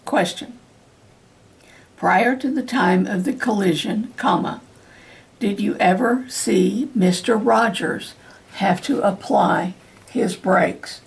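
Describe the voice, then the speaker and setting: A woman reading a question-and-answer transcript aloud as dictation practice, speaking every punctuation mark in a slow, deliberate, even way. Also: medium pitch, vocal fry, husky. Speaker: dictation reader for court reporting practice.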